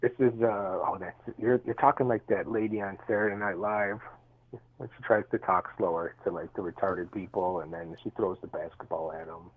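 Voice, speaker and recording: A male caller with a low, raspy voice argues over a tinny phone line. He is dismissive and mocking and repeats himself. His voice sounds thin and filtered. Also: fairly even intonation, moderate pace. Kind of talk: heated call-in argument.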